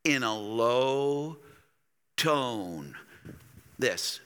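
A man's voice: medium pitch, expressive, drawn-out words, a bit bright, clear, resonant tone. A man preaching a sermon to his church, dramatic and addressing the congregation directly. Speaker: pastor. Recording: echoey church hall.

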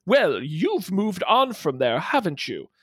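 A pompous city lawyer, played by a man, talking down with a lively, rising and falling voice. Close, dry sound with no room. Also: high voice, slow, breathy edge, dry recording, exaggerated voice. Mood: condescending. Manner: condescending.

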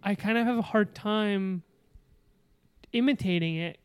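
A man's voice: high-pitched, a little slow, clear, resonant tone, no room sound. A man from Argentina whose first language is Spanish, chatting casually and hesitantly, often searching for words. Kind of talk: casual chat.

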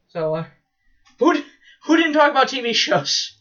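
A man in casual chat as a podcast co-host, telling stories in an excitable, rambling way with swearing and laughs. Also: extremely high pitch, normal speed, muffled recording.

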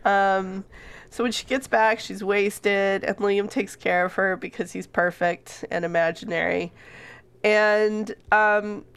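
A woman's voice: medium pitch, takes it slowly, clean tone. Laid-back woman summarizing a book. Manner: laughing, relaxed summarizing with casual swearing. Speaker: podcast co-host. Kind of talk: casual book chat.

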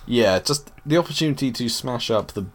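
A man's voice: mid-range voice, animated, brisk. Playful man hosting a podcast. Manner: enthusiastic, playful. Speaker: podcast host. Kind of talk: casual chat.

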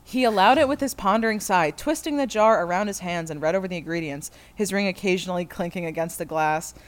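A woman's voice: fairly low pitch, fast talker. A woman reading fan fiction aloud to friends, often breaking into laughter as she goes. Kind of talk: comedic dramatic reading.

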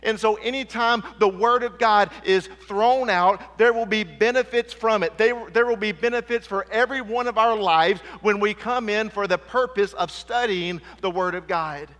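High-voiced preacher guy, emphatic sermon, lots of church hall echo. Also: moderate pace, hardly any pauses. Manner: emphatic, calls for "amen", drops low and quiet for weight. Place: church sanctuary. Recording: long church hall reverb.

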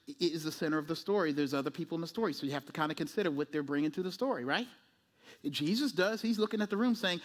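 A male pastor preaching a sermon in an animated way, acting out voices and often asking "right?". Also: high voice.

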